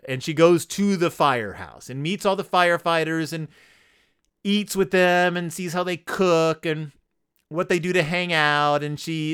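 Male podcast host, sarcastic riffing recap, animated pitch, slightly high voice. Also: clear, resonant tone, dry recording, studio quality. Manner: sarcastic, riffing, acts out characters. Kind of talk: comedic book recap.

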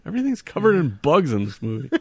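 A man's voice: on the high side, wildly swooping pitch, fast, slightly rough, dry recording. A man co-hosting a podcast movie commentary, joking and riffing casually and slipping into silly voices. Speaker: podcast co-host.

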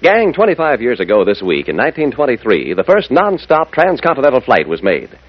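A man's voice: mid-range voice, wildly swooping pitch, a little fast, heavy background noise. A man announcing on a 1940s radio program, folksy and upbeat, talking straight to young listeners, on a muffled old broadcast.

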